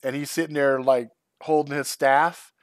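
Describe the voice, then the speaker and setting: A man's voice: medium pitch, fairly even intonation, normal speed, no echo, studio quality. Rambling, profane middle-aged man. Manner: rambling, profane, laughs often. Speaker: channel host. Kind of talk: casual live-stream chat.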